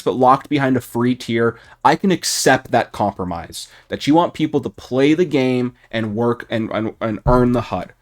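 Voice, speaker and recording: A man's voice: mid-range voice, expressive, normal speed, few pauses, soft background music. Man ranting hotly about a game. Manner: heated, profane, rising to shouting. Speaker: gaming YouTuber. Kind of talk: unscripted ranting commentary.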